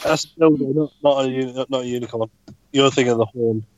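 A man's voice: mid-range voice, fairly even intonation, fast, a little hiss or hum. A man chatting casually on a podcast from his parked lorry cab, blunt and sweary, over a video call. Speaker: podcast co-host. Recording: dry, muffled call audio.

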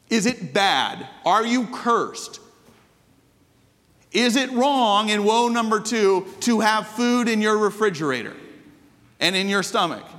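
High-voiced male pastor, reverberant hall. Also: fairly bright tone. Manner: conversational, asks rhetorical questions. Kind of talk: sermon. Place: church hall with congregation.

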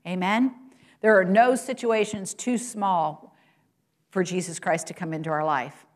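A woman preaching a sermon to a congregation, asking rhetorical questions and swinging from loud, high exclamations to soft, low asides. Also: fairly even intonation, a little slow. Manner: rises in pitch and volume for quoted lines and exclamations, drops low and soft at points; addresses congregation directly, asks rhetorical questions.

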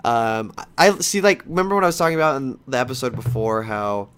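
A young man giving a casual, animated movie review, swearing often and breaking into frustrated outbursts. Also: medium pitch, quick pace, clean tone. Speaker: vlogger.

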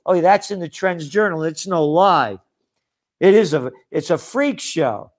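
An older man with a high-pitched voice rants in a scornful commentary monologue. He talks slowly and drags out his words, heaping sarcasm and insults as he goes. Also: animated. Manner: sarcastic, scornful, name-calling. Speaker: trend forecaster and publisher.

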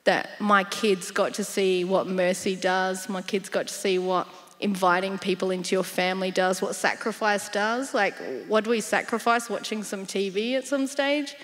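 A woman sharing a personal testimony in a church interview, telling her story in a lively way and laughing often. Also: mid-range voice, normal speed. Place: church hall. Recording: long hall reverb in church.

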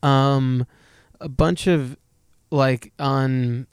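A man rambling through a casual podcast chat, stacking up "like" and laughing at himself. His pitch sits in the middle of the range and the recording is dry and close. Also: steady tone, very slow, clear, resonant tone, no echo. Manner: rambling, lots of "like", laughs often. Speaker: podcast co-host, musician.

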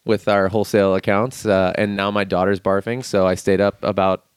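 A man in his thirties co-hosting a podcast, telling stories in a relaxed chatty way. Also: deep voice, fairly quick, smooth, no echo, studio quality. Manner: storytelling, animated retelling with acted quotes. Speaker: podcast co-host, cafe owner. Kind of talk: casual chat.

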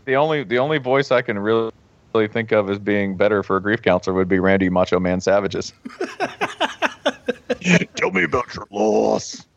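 A man co-hosting a podcast talks fast in a steady tone, chatting casually and animatedly in a comedic way, often slipping into exaggerated accent impressions. The audio is dry, dull, and low-fidelity, with no room sound.

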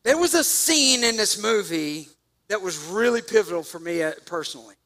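A man preaching a sermon, telling a story with jokes and sudden loud bursts. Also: high-pitched, expressive, moderate pace. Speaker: pastor.

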